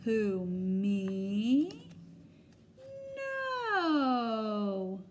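A woman's voice: a little high, very animated, very slow, slight background noise, exaggerated voice. A woman voicing a sly monster who coyly pretends to be someone else.

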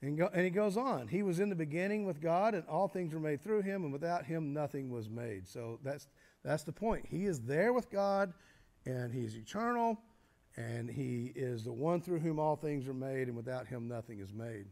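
A man preaching a teaching sermon, explaining step by step and often pausing with fillers and restarts. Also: on the high side, lively intonation, creaky, a little mellow. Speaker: pastor.

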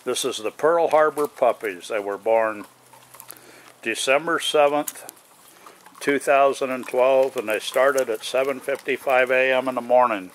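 Man coaxing puppies, unhurried. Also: mid-range voice. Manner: talks to the dogs in a raised, coaxing voice. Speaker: dog owner filming puppies. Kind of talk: casual talk to puppies while filming.

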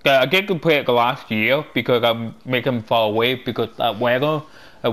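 A man hosting a gaming channel, chatting through a walkthrough in loose, halting English and getting excitable as he plays. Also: mid-range voice. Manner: loose, halting non-native English phrasing. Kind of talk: gameplay walkthrough commentary.

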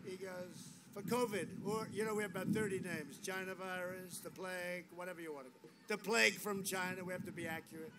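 A man's voice: sits high, fairly even intonation, quick pace. A man giving a rambling, boastful rally speech outdoors, full of repetition and asides. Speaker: political speaker at a rally. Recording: noisy outdoor rally audio.

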